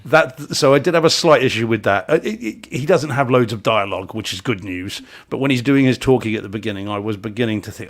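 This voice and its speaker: Male podcast co-host, middle-pitched, casual and opinionated, tends to restart sentences. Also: fast, few pauses. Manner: opinionated, jokey, frequent restarts.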